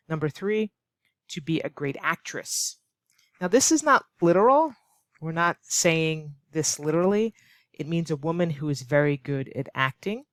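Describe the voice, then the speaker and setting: A woman with an American accent teaching an online English lesson, expressive and acting out her examples. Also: normal speed, no room sound, clean studio sound. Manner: expressive, acts out examples with big swings of pitch. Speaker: ESL teacher.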